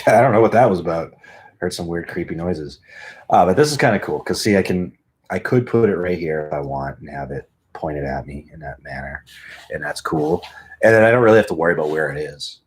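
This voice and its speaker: A deep, animated male voice with a breathy edge carries this home podcast, moving a little fast. The host rambles casually into a close studio mic, swearing and laughing at his own expense.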